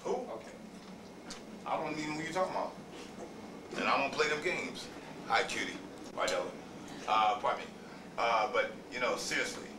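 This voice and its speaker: A man speaking at a public board meeting, rambling and emphatic. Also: fairly low pitch. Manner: rambling, emphatic, keeps saying "guess what". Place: meeting room, indoors. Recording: echoey room from far off, clear noise.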